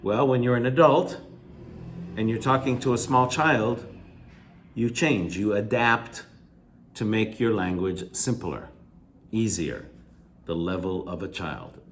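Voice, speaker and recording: A man's voice: expressive, slow pace, long pauses, slight background noise. A man teaching a recorded lecture, restating each key word with simpler synonyms and repeating himself as he works through answers. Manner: stretches pitch up on examples, lets phrase ends drop quiet. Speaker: English teacher. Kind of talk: video lecture going over reading answers.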